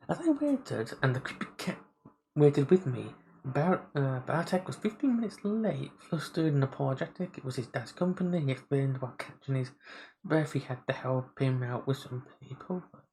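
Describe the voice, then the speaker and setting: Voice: mid-range voice, a little mellow, slight background noise, poor audio. A streamer on a live game play-through, reading the story text aloud and stopping to comment, often stumbling over and restarting words.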